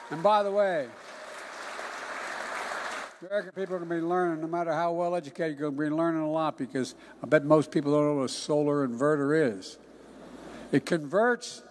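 An older man giving a political speech in a folksy, emphatic way, often dropping into hushed asides. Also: fairly high pitch, slight background noise. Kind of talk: political campaign-style speech.

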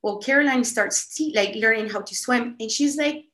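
A woman telling a story casually on a podcast, animated and full of "like" fillers. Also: fairly high pitch, moderate pace. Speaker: podcast guest. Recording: echoey room.

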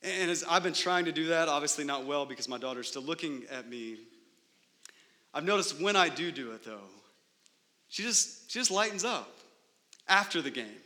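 A man's voice: on the high side, animated, normal speed, bright, forceful tone, long reverb tail. A man preaching a sermon as pastor in a church sanctuary, emphatic and full of rhetorical questions.

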